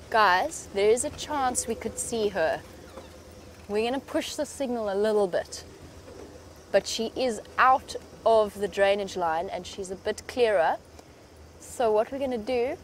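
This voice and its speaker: A woman guides a live safari broadcast from an open vehicle, chatting with viewers in an easy, hopeful way. Her voice sits in a middle register, with a light hiss of noise around it. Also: mid-range voice. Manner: chatty and hopeful, hushed when near animals.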